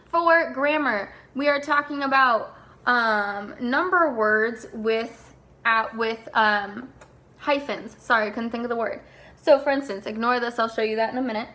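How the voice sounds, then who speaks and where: A young woman teacher talking casually through a recorded lesson for her class, with lots of fillers and slowing down to spell words out. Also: fairly high pitch, sharp tone. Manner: casual, filler-heavy, slows to spell things out.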